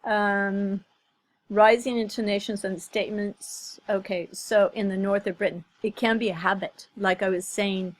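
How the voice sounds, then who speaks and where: A woman giving casual commentary in a vlog. She speaks in an unhurried, deliberate way and often stops to search for her words with fillers. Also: mid-range voice, fairly even intonation, poor audio. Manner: slow, thoughtful, many fillers and restarts. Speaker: commentary vlogger. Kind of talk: casual commentary on a video clip.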